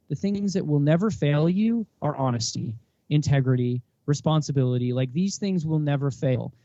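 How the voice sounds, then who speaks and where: A man in his thirties, a podcast guest, gives candid interview talk, telling stories with animation and acting out bits of dialogue. His voice is fairly high-pitched, and the recording is muffled with no echo.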